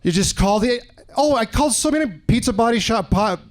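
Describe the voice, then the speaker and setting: With an extremely high-pitched, expressive voice and a slightly fast pace, a Canadian comedian in his forties works a club stage. He tells stories with animation and mimics other people, drawing laughter from the crowd.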